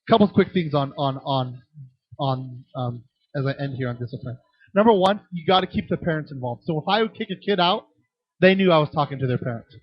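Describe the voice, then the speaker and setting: A middle-aged man leads a teaching session for children's ministry workers, telling stories with lively acted-out voices. His voice is a little husky and sits slightly high. The recording is dry and a bit dull. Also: no echo. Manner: animated storytelling with acted-out voices.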